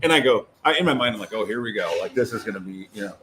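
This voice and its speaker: A man co-hosting a podcast, chatting casually and telling animated stories with lots of fillers. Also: on the low side, rapid-fire, noisy background. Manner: rambling, animated storytelling with many fillers. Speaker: co-host. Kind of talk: casual chat.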